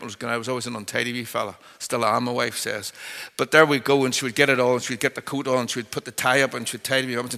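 A middle-aged man preaching an expository sermon, emphatic and pleading, swelling loud and dropping soft. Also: mid-range voice. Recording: long reverb of a large hall.

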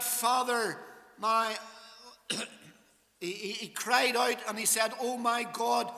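Slow, bright-voiced male preacher. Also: high-pitched, in a large hall. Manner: measured preaching with King James scripture quotations. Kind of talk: sermon. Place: church.

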